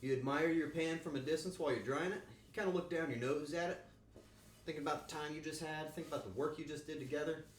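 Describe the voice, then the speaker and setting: A man's voice: a little high, fast, roomy sound. A man livestreaming while he cooks, chatting casually and crudely with his viewers in a joking way. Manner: crude, joking, animated banter with chat. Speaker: streamer. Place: home kitchen.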